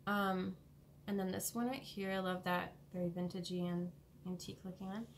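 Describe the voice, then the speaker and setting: A woman vlogger showing off her cross-stitch haul at home in a rambling, hurried way, with many pauses and ums. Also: on the low side, flat delivery, slight background noise. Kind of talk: casual show-and-tell haul. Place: home, indoors.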